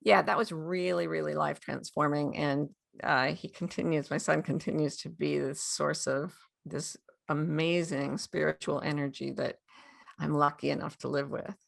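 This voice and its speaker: A woman in her sixties, appearing as a guest author in a storytelling interview, has a deep, gravelly voice and speaks at a normal speed. She tells her stories animatedly, acting out quotes and laughing often.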